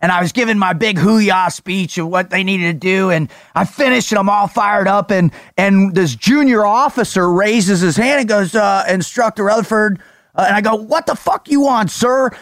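A man hosting a casual podcast chat, energetic and swearing freely as he tells stories. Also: high voice, moderate pace, no room sound, studio quality. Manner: energetic, profane storyteller. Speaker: podcast host.

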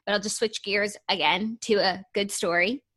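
A woman's voice: medium pitch, steady tone, normal speed, a bit bright. A woman co-hosting a casual pop-culture podcast, reading news items aloud and chatting about them. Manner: reads news stories aloud, then chats about them. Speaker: podcast co-host.

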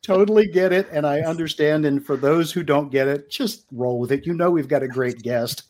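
A man's voice: fairly high pitch, normal speed, a little mellow. A man co-hosting a talk show, chatty and teasing in casual conversation. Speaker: co-host. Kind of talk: casual chat.

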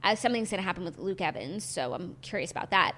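A young adult woman co-hosting a podcast in casual chat, rambling and animated with lots of fillers. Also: on the low side, fast. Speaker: podcast co-host.

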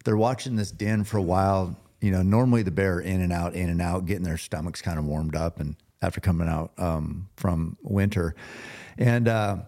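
A man with a low, deep voice talks in a relaxed, plainspoken way during a casual conversation. He recounts events steadily with the odd "uh" filler. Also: moderate pace. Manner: laid-back, short agreeing interjections.

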